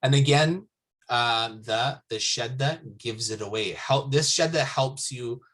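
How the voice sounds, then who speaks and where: A man's voice: mid-range voice, unhurried, fairly bright tone. A man teaching Arabic letters in a patient, repetitive manner, often checking in with "okay?". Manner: patient, repeats words and checks understanding with "okay?". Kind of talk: slow classroom explanation. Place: mosque classroom.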